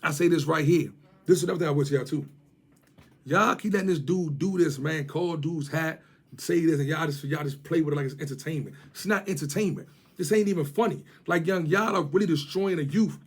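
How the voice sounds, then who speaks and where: Here the same kind of DC-area vlogger speaks in a fairly high, slightly rough voice at a brisk clip. He mocks someone on camera, ranting in thick street slang and hammering the same jabs again and again.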